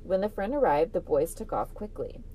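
Teasing, low-voiced woman co-host. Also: sing-song, dark tone, breathy edge. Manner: teasing, quick reactions and interjections. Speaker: podcast co-host. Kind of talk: casual chat.

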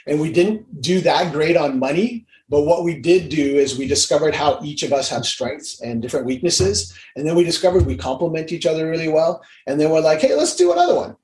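A man's voice: on the high side, a little mellow. A man from Hawaii, a guest on an interview show, talking casually and with energy, acting out the dialogue he quotes. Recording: roomy echo.

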